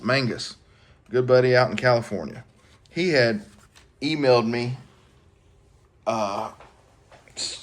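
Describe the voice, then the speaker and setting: A man hosting a knife collecting vlog, talking in a relaxed, folksy way as he shows off mail he received. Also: mid-range voice. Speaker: knife collecting channel host. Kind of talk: casual show-and-tell vlog.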